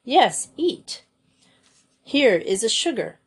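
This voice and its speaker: A woman reading aloud voices a shaggy, eccentric older Austrian music master who talks in a booming, insistent way. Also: big pitch swings, takes it slowly, husky, heavily acted. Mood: hearty.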